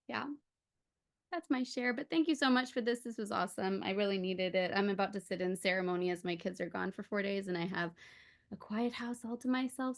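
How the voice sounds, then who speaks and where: Woman, mid-pitch, on a home video call, emotional and chatty as she shares. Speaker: circle participant, mother. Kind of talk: casual sharing on a video call. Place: at home, her daughter's room.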